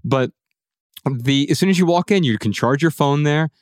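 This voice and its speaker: A man hosting a podcast, explaining ideas in a steady, practical, conversational way. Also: on the high side, moderate pace, dry recording, clean studio sound. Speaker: podcast host. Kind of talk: casual podcast discussion.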